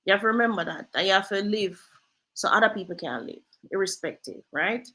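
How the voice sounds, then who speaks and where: Bright-voiced woman telling stories. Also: medium pitch, a little fast, rough recording. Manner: lively storyteller, drifts into patois. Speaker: real estate agent and host. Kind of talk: casual storytelling chat.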